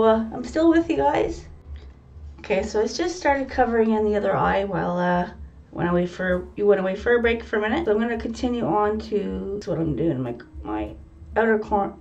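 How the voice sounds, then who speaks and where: Gravelly-voiced woman chatting through a makeup tutorial. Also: mid-range voice, a little mellow, far from the mic, highs cut off. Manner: chatty, talks to viewers as guys while working. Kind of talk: casual step-by-step makeup tutorial.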